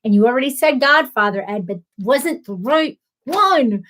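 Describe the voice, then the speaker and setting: A woman's voice: high voice, expressive, normal speed, a bit bright. A woman hosting a casual live stream, chatting and laughing as she answers viewers by name. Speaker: livestream host.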